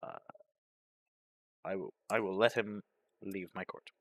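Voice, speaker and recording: A man narrating a game playthrough, reading its events aloud in a deadpan manner. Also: sits low, a little slow, no echo. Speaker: gaming commentator.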